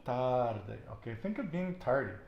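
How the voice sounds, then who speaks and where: A man's voice: mid-range voice, very animated, unhurried, creaky, dull audio. Patient man teaching with an echo. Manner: patient, encouraging, asks and repeats answers. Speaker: Spanish teacher. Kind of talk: casual language lesson.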